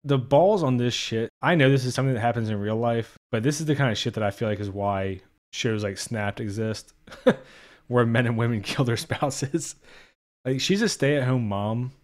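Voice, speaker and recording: A man's voice: medium pitch, moderate pace, darkish tone. A young man giving a casual spoken movie review, blunt and profane, openly exasperated.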